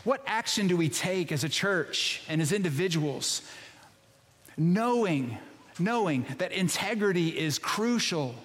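High-voiced pastor preaching in an echoing hall. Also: male voice, animated, measured pace, a bit bright. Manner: conversational, emphatic storytelling. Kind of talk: sermon.

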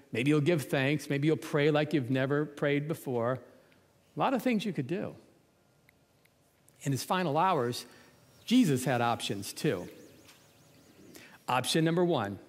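A man's voice: medium pitch, in a large hall. A man preaching a sermon in a conversational, humorous way, full of rhetorical questions.

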